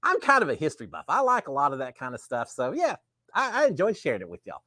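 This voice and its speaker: A middle-aged man with a drawl hosts a relaxed live show, chatty and rambling. His pitch swings up and down a lot. The sound is dry and close. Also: quick pace, no echo. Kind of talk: casual live-stream chat.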